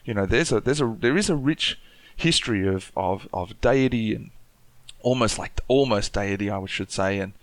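A man's voice: lowish voice, moderate pace, no room sound. An Australian man with an Aboriginal Australian accent, talking thoughtfully in a casual panel discussion, with many restarts. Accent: Aboriginal Australian English.

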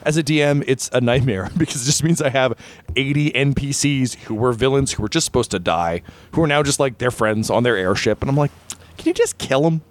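A man's voice: mid-range voice, a little fast. A man chatting casually on a podcast as a game master, telling stories with lots of acted-out quotes. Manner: animated storyteller, acts out quoted voices.

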